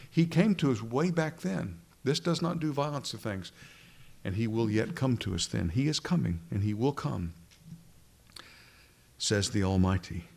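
A man preaching a sermon. He builds to emphatic, slowed phrases when he stresses a point. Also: medium pitch, gravelly. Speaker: pastor.

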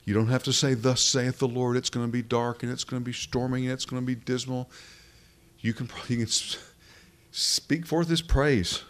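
A man's voice: mid-range voice, completely flat delivery, a little fast, clear, resonant tone. A man preaching a sermon in an earnest, emphatic way, asking rhetorical questions as he works through scripture.

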